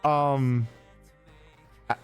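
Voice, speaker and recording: This young streamer has a clear, resonant, mid-range voice with fairly even intonation and talks extremely slowly. He rambles through a long, profane story for his chat, restarting a lot, as faint music plays behind him.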